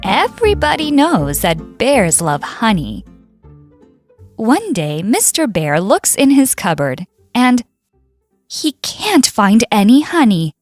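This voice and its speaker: A woman narrating a children's fable in an expressive read-aloud style. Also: on the high side, takes it slowly, no room sound, faint music behind. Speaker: storyteller. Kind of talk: scripted storybook narration.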